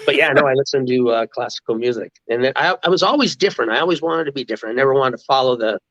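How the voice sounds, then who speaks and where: A man's voice: mid-range voice, lively intonation, racing, fairly bright tone, dry recording, highs cut off. A middle-aged man from the United States, a guest in an interview, telling casual stories with many restarts and laughs. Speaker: interview guest, former mascot. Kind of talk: casual storytelling.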